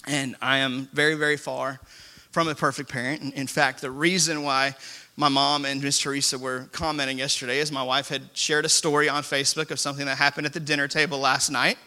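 Forceful, bright-voiced pastor. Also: male voice, mid-range voice, flat delivery, fairly quick. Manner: conversational, self-deprecating storytelling. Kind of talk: sermon. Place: church sanctuary before a congregation.

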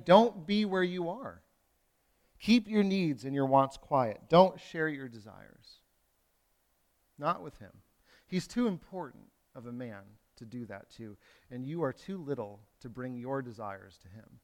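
A pastor delivering a sermon in a conversational way, moving from loud emphasis to hushed lines, with playful asides to the congregation. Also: male voice, a little high. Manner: conversational preaching with wide swings from loud to hushed.

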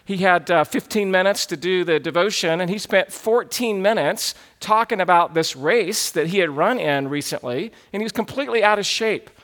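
A man in his thirties, a pastor telling stories in an animated sermon. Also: sits high, normal speed, hardly any pauses. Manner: animated, quotes others in put-on voices. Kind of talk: sermon storytelling.

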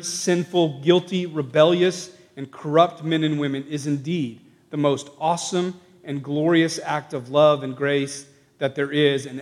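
A fairly high-voiced male pastor preaching in a church, his words ringing with long reverb off the walls. He swings between hushed, thoughtful passages and raised, emphatic proclamations. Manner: builds from quiet reflection to raised emphatic declarations. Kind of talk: sermon. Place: church sanctuary.

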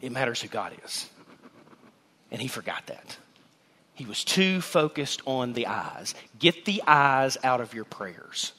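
A man preaching a sermon to his congregation in a lively, joking way. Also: medium pitch, measured pace, slightly rough. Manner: animated, joking preacher who addresses the congregation. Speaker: pastor. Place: church sanctuary. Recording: long hall reverb in a church.

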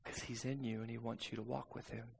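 A man preaching a sermon and telling a personal story, swinging between soft, intimate passages and loud, urgent ones. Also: medium pitch, level tone, quick pace, creaky, a little hiss or hum.

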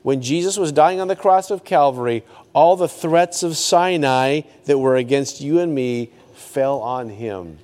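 A man preaching a sermon as a pastor, swinging from high emphatic peaks to hushed low lines. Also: measured pace, hardly any pauses, in a large hall.

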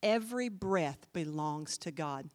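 A woman pastor preaching a sermon in an animated, emphatic way, speaking directly to her congregation. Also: low voice, unhurried.

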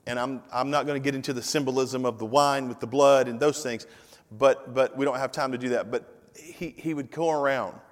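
A man's voice: medium pitch, fairly even intonation, fairly quick. Preaching man in a reverberant hall. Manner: emphatic preaching, repeating phrases and building to loud climaxes; informal asides to the congregation and tech team. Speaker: pastor. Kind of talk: sermon. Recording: long reverb of a large hall.

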